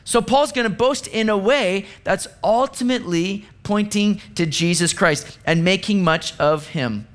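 Guy with a high voice preaching, chatty and loose, little jokes thrown in. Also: measured pace, hardly any pauses. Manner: conversational preaching with asides and light sarcasm. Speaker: pastor. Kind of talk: sermon.

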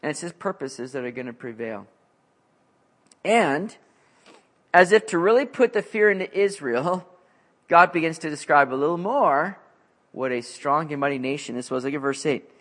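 A man preaching an expository sermon in a conversational, animated way, with frequent fillers. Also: on the high side, moderate pace, long pauses. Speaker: pastor.

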